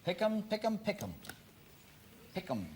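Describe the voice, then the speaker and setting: A man's voice: high-pitched, huge pitch swings, a little slow, darkish tone, a little hiss or hum. An older English man hosting a game show, chatty and jokey, explaining the rules and then urging a contestant on against the clock. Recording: TV studio with music and audience.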